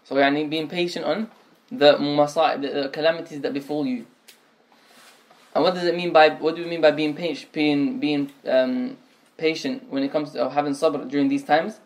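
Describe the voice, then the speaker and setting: A man's voice: fairly high pitch, fairly even intonation, moderate pace. A man teaching a religious lesson, explaining points step by step, often restating phrases and mixing in Arabic terms. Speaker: Islamic teacher.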